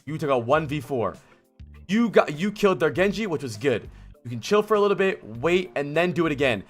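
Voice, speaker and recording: A man streaming a gameplay vod review, blunt and exasperated, swearing and yelling at the player he coaches. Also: fairly high pitch, sing-song, fairly quick, soft background music. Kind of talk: livestream game vod review.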